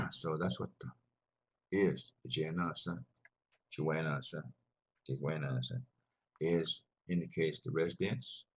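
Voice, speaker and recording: Very raspy low-voiced man teaching. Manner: rambling, patient, repeats words for students. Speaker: language teacher. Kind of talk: classroom lesson explanation.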